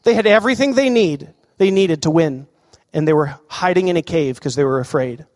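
A man preaching a sermon as a pastor, animated and questioning the congregation. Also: fairly high pitch, a little fast, in a large hall.

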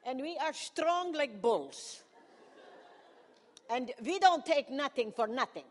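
A woman's voice: sits high, lively intonation, slow, voice pushed up. A woman in her sixties voicing a stubborn, proud woman with a mock German accent and clipped, broken grammar, defiant in tone, in a hall with long reverb.

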